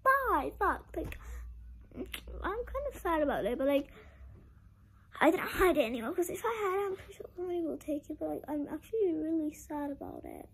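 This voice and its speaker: A young girl chatting through a clothing-haul vlog. Her voice sits high and swoops up and down, and she leans on "like" constantly. She sounds dramatic about small disappointments. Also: expressive, fairly quick, gravelly, a bit bright, rough recording. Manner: chatty, heavy use of "like", dramatic about being sad. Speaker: vlogger.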